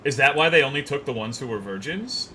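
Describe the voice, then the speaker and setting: A man's voice: mid-range voice, animated, a little fast, pushed and bright, slight background noise. A young man streaming a game, chatting loosely and profanely, rambling and reading chat messages aloud. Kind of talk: casual gaming stream chat.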